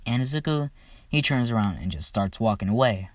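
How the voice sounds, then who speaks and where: A man's voice: medium pitch, animated, fairly quick, no room sound. A man casually retelling a fan story, rambling and profane, with loose fillers.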